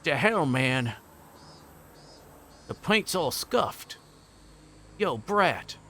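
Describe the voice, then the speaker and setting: A man voicing a menacing young male street thug in a put-on Cockney accent, growling and slow as he bullies someone in a game read-aloud. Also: on the high side, big pitch swings, pushed and bright, slight background noise, pitched above the performer's own voice, full character voice. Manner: growling, bullying, slow and threatening.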